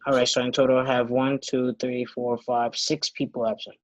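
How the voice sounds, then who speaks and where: A man's voice: mid-range voice, flat delivery, normal speed, no room sound. A man teacher taking roll in an online class on a video call, matter-of-fact. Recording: dull, dry video-call audio.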